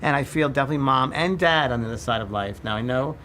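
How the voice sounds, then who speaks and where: A man working as a psychic medium, giving a live workshop demonstration in a halting, repetitive way as he names each impression he gets. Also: mid-range voice, bright, forceful tone, a little hiss or hum. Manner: halting, repeats "I feel" while reading impressions. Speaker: psychic medium teaching a class.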